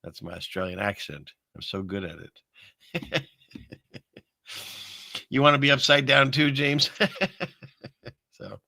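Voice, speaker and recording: A man hosting a casual livestream, rambling and chuckling through viewer comments with lots of filler words and trailing pauses. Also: mid-range voice, animated, gravelly, bright, forceful tone, no room sound, clean studio sound. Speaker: livestream host reading viewer chat. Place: home setup in the Seattle area.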